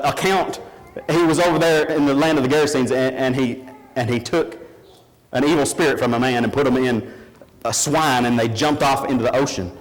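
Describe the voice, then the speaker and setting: A man preaching a sermon in a church, telling a story in an animated, emphatic way. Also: medium pitch, big-room sound, poor audio.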